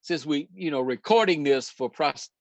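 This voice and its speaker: A man's voice: on the high side, animated, moderate pace, dry recording. Older man telling history. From Charlotte, North Carolina, USA. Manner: storytelling, hesitant with many restarts, laughs often. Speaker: host. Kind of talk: casual history talk.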